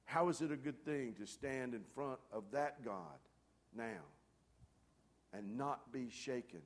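At a medium pitch and a slow pace, a pastor preaches to his congregation with emphatic delivery. He swings from loud calls to hushed near-whispers and puts direct questions to the room.

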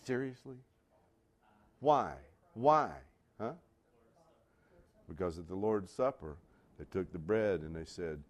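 A man preaching a sermon as pastor, animated and asking his congregation questions. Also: fairly low pitch, unhurried. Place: church.

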